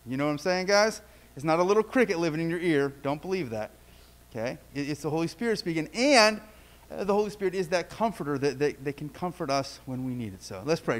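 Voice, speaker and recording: A man's voice: fairly high pitch, lively intonation, fast talker. A man leading a children's story in church, playfully asking the kids questions and telling a story. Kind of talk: children's sermon. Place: church sanctuary.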